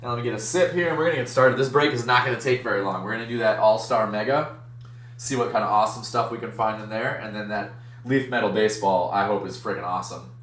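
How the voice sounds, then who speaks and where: Low-voiced guy telling a story on his stream, does voices for people, pretty echoey room. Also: fast, distant mic. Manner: animated, acts out other voices in his story. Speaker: streamer and card-break host. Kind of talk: casual storytelling on a live stream.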